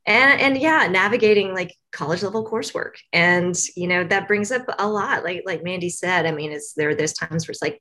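A woman from Tennessee talks as a guest on a university interview show. Her voice sits somewhat low, and she rambles in a friendly way with plenty of fillers and small laughs. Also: a little fast, hardly any pauses, pushed and bright. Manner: chatty, rambling with many fillers, laughs often. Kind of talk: casual interview answers.

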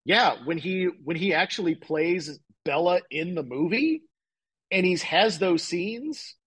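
A man with a somewhat higher, husky voice, chatting as a podcast guest. He rambles enthusiastically, stringing thoughts together with lots of fillers. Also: animated, a little slow, a bit bright, poor audio. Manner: rambling, enthusiastic, many fillers like "like" and "you know". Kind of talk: casual chat.

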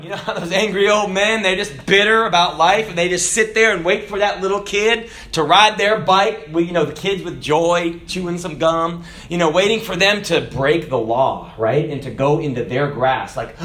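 A man preaching a sermon, telling jokes and stories, with sudden shouted lines. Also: high-pitched, normal speed. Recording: echoey room.

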